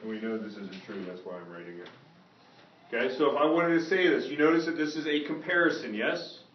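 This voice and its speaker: A man's voice: medium pitch, fairly quick, a little hiss or hum. A man teaching a Spanish grammar lesson to a classroom and often asking if students follow. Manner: lively, checks understanding often. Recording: echoey classroom, far from mic, dull.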